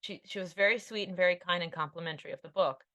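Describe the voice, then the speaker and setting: A woman's voice: lowish voice, quick pace, sharp tone. Candid, rambling woman in her thirties. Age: 30s. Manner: rambling, self-deprecating, frequent fillers. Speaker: podcast guest, author. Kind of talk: candid conversational interview.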